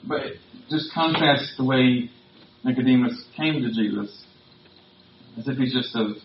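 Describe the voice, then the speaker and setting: A man's voice: medium pitch, a little slow, slight background noise. Male pastor preaching in a roomy hall. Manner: conversational and emphatic. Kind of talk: sermon. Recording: roomy, distant, dull sound.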